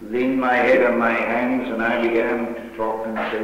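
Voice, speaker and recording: An older man preaching, retelling a story slowly and dramatically with quoted dialogue. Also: medium pitch, flat delivery, fairly bright tone, dull audio. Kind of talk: sermon storytelling. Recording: echoey hall with long reverb.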